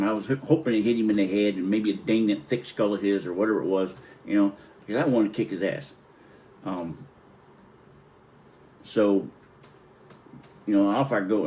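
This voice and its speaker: Low-voiced man telling a rowdy story. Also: poor audio. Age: middle-aged. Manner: rambling, profane, animated retelling with acted-out quotes. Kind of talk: casual personal storytelling.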